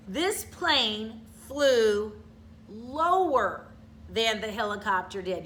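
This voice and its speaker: Woman teacher going over grammar homework, bright clear voice, patient, keeps asking okay?, bit of hiss behind. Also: medium pitch. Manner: patient, explains step by step, checks in with "okay?". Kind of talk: online grammar lesson.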